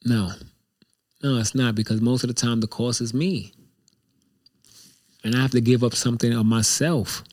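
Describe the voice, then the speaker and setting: A man's voice: medium pitch, steady tone, moderate pace, long pauses, a little mellow. A man hosting his own show, talking in a casual, reflective monologue that rambles and repeats itself candidly. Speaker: show host.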